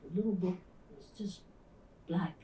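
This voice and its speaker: A woman's voice: on the low side, a little slow, slight background noise. An older woman pastor from the Philadelphia area recounts memories in an interview, acting out the voices of the people in her stories. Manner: animated storyteller who acts out the voices of people in her story. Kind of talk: storytelling interview. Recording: roomy, distant mic.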